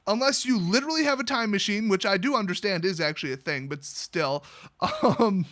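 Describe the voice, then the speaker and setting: A man's voice: high voice, animated, fairly quick, fairly bright tone. A man mockingly recapping a fantasy story, with crude, sarcastic jokes. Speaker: host.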